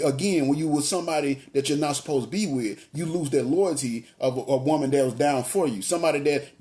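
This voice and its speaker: Male preacher with a higher voice, laid-back street talk, preaching to the congregation. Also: darkish tone. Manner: street-talking, chatty, addresses the congregation as y'all. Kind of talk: casual, conversational sermon.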